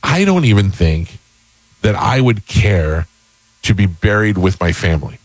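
A man with a low, deep voice hosts a talk radio show in a dry, close studio sound. He chats casually, musing aloud and circling back with restarts. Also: big pitch swings, measured pace, no echo.

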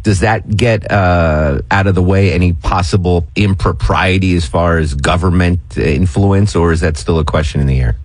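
A man's voice: sits low, moderate pace, hardly any pauses, no echo. A man in his forties hosting a talk radio show, chatting casually and telling rambling stories with restarts. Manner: animated storyteller, rambling with restarts.

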